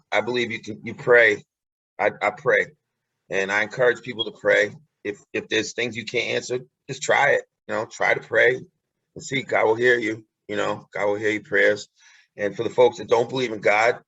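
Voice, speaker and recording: A man's voice: lowish voice, fairly bright tone, husky, no room sound, muffled recording. A man talking as a guest in a casual interview, earnest and encouraging, repeating his key phrases.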